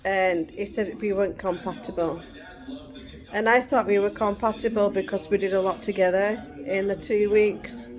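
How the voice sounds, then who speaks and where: A woman's voice: mid-range voice, fairly even intonation, moderate pace, a crowd in the background. Middle-aged woman rambling to camera, lots of tangents, casual vlog chat. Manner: chatty, rambling, digressive. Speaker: vlogger.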